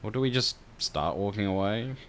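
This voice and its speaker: Low-voiced aussie guy streaming, reads the story out and chats with chat, lots of ums. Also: moderate pace, slight background noise. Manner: relaxed, chatty, hesitant with fillers. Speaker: streamer reading a story game. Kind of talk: narrating a game and chatting with viewers.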